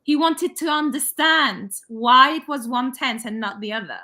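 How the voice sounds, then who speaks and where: Bright-voiced woman co-hosting a podcast. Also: high-pitched, moderate pace. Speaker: podcast co-host. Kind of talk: casual chat.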